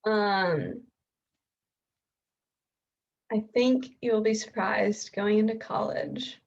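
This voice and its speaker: A young woman giving a gentle, heartfelt tribute to her best friend over a video call, pausing often. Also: mid-range voice, gravelly, lo-fi sound. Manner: gentle, with many pauses and ums.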